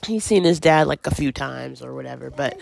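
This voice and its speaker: A woman's voice: a bass voice, animated, brisk, creaky, darkish tone, dry recording. A woman hosting a casual parenting podcast, chatting loosely with many fillers and laughs while at home with her toddler. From Washington. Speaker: podcast host.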